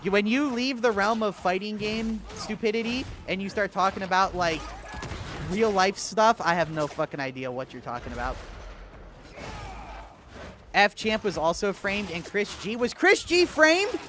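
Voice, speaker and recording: A man's voice: high voice, moderate pace, fairly bright tone. Guy streaming a game, chill and sweary, sarcastic replies to chat, faint hiss behind him. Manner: laid-back, profane, answers chat with sarcastic asides. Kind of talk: casual livestream chat while gaming.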